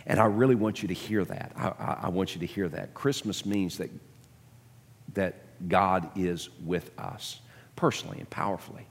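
A man's voice: deep voice, normal speed, in a large hall. A man preaching a sermon to his congregation, emphatic, often repeating words as he builds a point. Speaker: pastor. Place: church sanctuary.

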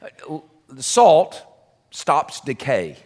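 A man's voice: a little high, wildly swooping pitch, drawn-out words, a little mellow. A man preaching a conversational sermon as pastor, folksy and chatty with self-deprecating asides, in a church sanctuary. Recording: long hall reverb.

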